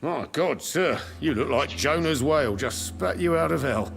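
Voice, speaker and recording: A man's voice: on the high side, expressive, normal speed, gravelly, fairly bright tone, soft background music. An actor playing a hearty, blunt, talkative working-class barman in a game.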